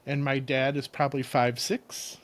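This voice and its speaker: A man's voice: mid-range voice, moderate pace. A man from Illinois, a ceramic artist guest, chatting casually and acting out the people in his stories. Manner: animated storyteller, acts out quotes. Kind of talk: casual chat.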